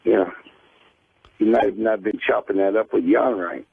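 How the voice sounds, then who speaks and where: A gravelly, husky-voiced man needles and eggs others on in radio banter. The sound is dry and tinny, like a phone line. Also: lowish voice, moderate pace, dry recording. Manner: pushy, needling, egging others on.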